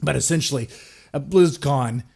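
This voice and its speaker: A man hosting a podcast, ranting crudely and profanely, mocking others in sudden loud put-on voices. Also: medium pitch, moderate pace, gravelly, breathy edge. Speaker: podcast host. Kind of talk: ranting solo podcast commentary.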